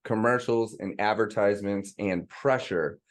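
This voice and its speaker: A man's voice: on the low side, normal speed. A man in his thirties hosting a podcast, eagerly agreeing and talking with enthusiasm. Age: 30s. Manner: enthusiastic, eager affirmations, animated delivery. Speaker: podcast host. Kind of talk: casual interview chat.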